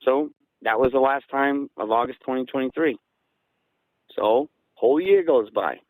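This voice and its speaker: Man, from southeastern Massachusetts, podcast guest, casual storytelling, animated retelling, dry close sound. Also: medium pitch, measured pace, no echo, low-quality recording. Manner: animated, acts out quoted dialogue. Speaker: guest recounting encounters.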